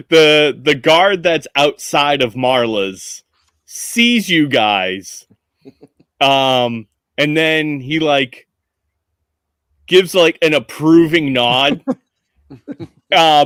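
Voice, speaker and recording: Slow, relaxed game master man. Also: on the high side, no echo, studio quality. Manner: relaxed, rambling with fillers and laughs. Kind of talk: running a tabletop game, casual.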